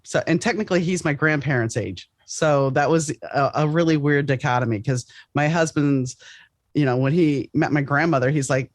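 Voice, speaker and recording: A woman hosting a podcast, chatting casually in a rambling, animated way with many restarts. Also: a bass voice, no echo. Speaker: podcast host. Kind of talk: casual interview chat.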